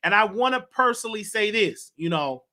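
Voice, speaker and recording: Bright-voiced man hosting a talk show. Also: high voice, moderate pace. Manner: animated, emotional, drawling, with laughs and filler. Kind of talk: casual commentary on celebrity news.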